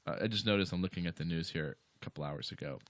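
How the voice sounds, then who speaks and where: A man's voice: deep voice, fast, dry recording. A man co-hosting a podcast who talks bluntly, swears a lot and laughs easily. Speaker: podcast co-host. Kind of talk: casual chat.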